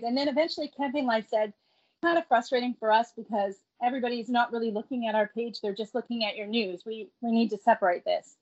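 A middle-aged woman telling a family story in a casual, animated way, acting out the quoted voices as she goes. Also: a little high. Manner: animated, acts out the quoted voices, laughs between lines. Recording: dull lo-fi recording.

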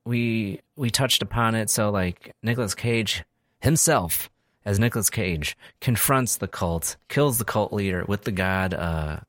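A man co-hosting a podcast in casual chat, an animated storyteller who acts out his friends' lines. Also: on the low side, a little slow, no room sound, clean studio sound. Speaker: podcast co-host.

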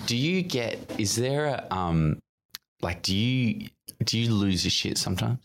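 A young man with a fairly low voice hosts the chat at an easy pace. He asks questions and swaps stories in a relaxed, conversational way. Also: unhurried, gravelly. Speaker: podcast host. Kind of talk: casual chat.

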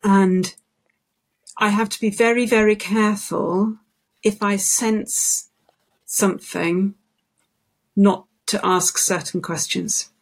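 A woman talks as an interview guest about her work with singers. Her voice has a gravelly, creaky texture and a medium pitch. She speaks thoughtfully and unhurriedly, restarting sentences as she tells her stories. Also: steady tone, slow, long pauses. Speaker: guest, singing voice specialist. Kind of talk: conversational interview.

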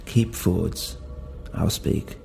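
A man's voice: slow, darkish tone, faint music behind, close to an everyday voice. A man voicing a cold, menacing young German woman who speaks in clipped, broken English. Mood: stern. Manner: stern, clipped commands.

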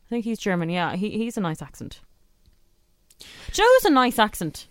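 A woman's voice: mid-range voice, very animated, a little fast, dry recording, clean studio sound. A woman with an Irish accent co-hosting a radio show, chatting in an easygoing, agreeable way. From Ireland. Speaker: radio co-host. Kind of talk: casual radio chat. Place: radio studio. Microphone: studio mic.

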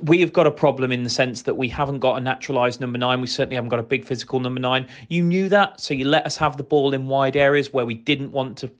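A man calmly reflecting on a football match, fair-minded and analytical, with frequent restarts. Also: medium pitch, fast, hardly any pauses. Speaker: pundit from the other club.

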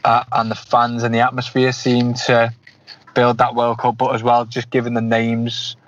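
A man's voice: medium pitch, completely flat delivery, moderate pace. A man in his thirties hosting a football podcast, asking long, meandering interview questions. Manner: rambling, many restarts. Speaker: podcast host. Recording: dull lo-fi podcast audio.

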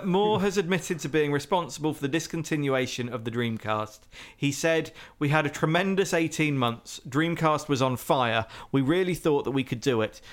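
A man's voice: mid-range voice, a bit bright. A man co-hosting a casual podcast, reading background notes aloud with dry, wry asides.

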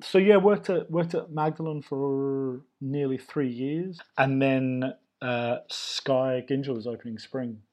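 A man's voice: medium pitch, a little mellow. Enthusiastic Australian man telling stories. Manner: enthusiastic, loose storytelling. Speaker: chef, guest. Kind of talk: casual conversational interview.

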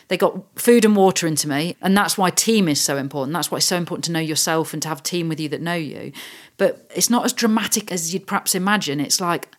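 A woman in her thirties from the UK, a guest telling her adventure story in a casual interview, earnest and animated, acting out her own inner thoughts. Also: lowish voice. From United Kingdom.

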